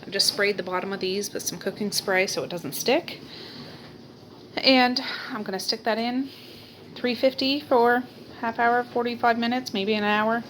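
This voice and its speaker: A woman's voice: a little high, moderate pace. Woman vlogger, chatty and laughing, home video with faint noise. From Nova Scotia, Canada. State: out of breath. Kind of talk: casual cooking vlog. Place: home kitchen and attic.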